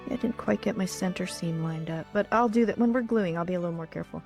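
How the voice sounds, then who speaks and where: A woman's voice: medium pitch, lively intonation, brisk, gravelly, few pauses, a little mellow, faint music behind. A woman hosting a livestream in which she builds a puppet. She talks casually and thinks aloud, and her sentences often trail off into murmurs. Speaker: puppet builder and show host. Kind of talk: craft livestream demonstration.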